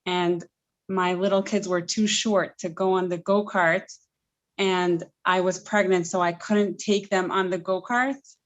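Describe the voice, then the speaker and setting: A woman telling a personal story, chatty and emotional, with filler words like "like." Her voice is mid-pitched and comes through a dull, slightly muffled connection. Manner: emotional, chatty, many likes. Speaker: participant sharing a story.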